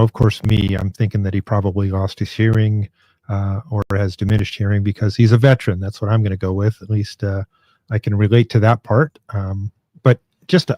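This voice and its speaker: A man's voice: fairly low pitch, mellow, no echo. A man co-hosting a casual political talk show, speaking conversationally and often stumbling and restarting. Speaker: co-host.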